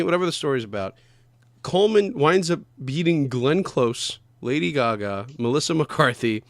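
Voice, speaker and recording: A man's voice: mid-range voice, a bit bright, no room sound. Podcast co-host, male, loose rambling chatter with frequent swearing, dry close sound. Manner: rambling, swears often, loses names. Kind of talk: casual chat.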